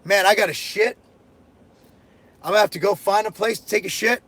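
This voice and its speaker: A man's voice: high voice, brisk, a bit bright. A middle-aged man hosting a live stream, reading out viewer questions and answering them bluntly, joking crudely and swearing freely. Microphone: headphones and desk mic.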